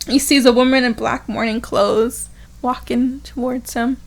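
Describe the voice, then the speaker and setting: A woman co-hosting a book podcast, casually retelling a novel's chapter in a giggly, lively way. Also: on the high side, measured pace, gravelly. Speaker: podcast co-host.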